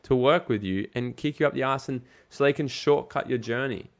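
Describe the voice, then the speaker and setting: A man's voice: mid-range voice, a little fast. A man speaking as a guest in an interview, giving emphatic, casual motivational advice and swearing now and then. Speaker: guest, network marketing coach.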